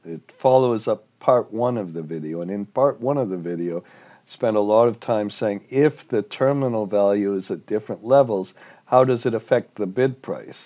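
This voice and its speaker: Brief: casual male lecturer, somewhat low voice, muffled homemade audio. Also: moderate pace. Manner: rambling, self-deprecating. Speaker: finance instructor. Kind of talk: informal recorded lecture.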